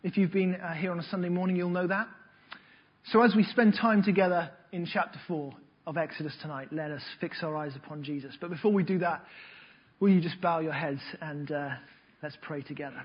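A man preaching a sermon, telling Bible stories in a lively way and acting out the voices. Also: on the high side, fairly quick, breathy edge, lo-fi sound. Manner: lively storytelling with acted-out voices.

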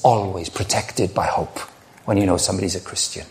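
A man's voice: low voice, moderate pace, a little mellow. A middle-aged man preaching a sermon, earnest and conversational, telling personal stories with frequent restarts. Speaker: pastor.

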